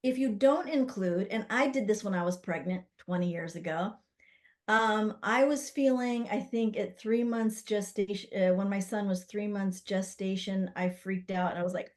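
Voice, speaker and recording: A middle-aged woman, a doula, telling stories in a casual interview, animated and full of fillers as she acts out what others said. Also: medium pitch, moderate pace. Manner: animated, acts out quoted voices with many fillers. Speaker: guest, doula and spirit baby psychic.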